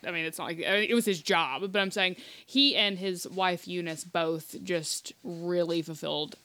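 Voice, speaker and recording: A woman with a Southern US accent hosting a podcast, chatty and quick to laugh, with lots of "like.". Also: lowish voice, sharp tone. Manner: chatty, laughs often, many likes. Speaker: podcast host. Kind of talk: casual podcast chat.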